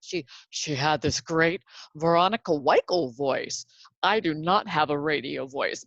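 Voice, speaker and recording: This Seattle woman in her fifties has a low voice and talks at normal speed; the audio is dull with no echo. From a closet in her home, she hosts a podcast as a casual monologue, rambling and chatting with self-deprecating humor.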